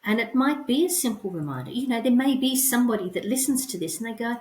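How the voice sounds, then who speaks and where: A woman's voice: on the high side, animated, fast talker, hardly any pauses, a little mellow. A woman co-hosting a podcast in casual chat, musing aloud and often exclaiming. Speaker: podcast co-host. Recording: roomy echo.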